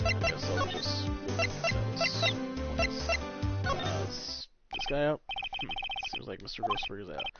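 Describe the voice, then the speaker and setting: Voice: very high voice, wildly swooping pitch, slow pace. A streamer casually commenting and reading game dialogue aloud, muttering self-mocking asides and swearing. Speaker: gameplay streamer. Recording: dull lo-fi stream audio. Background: loud game music.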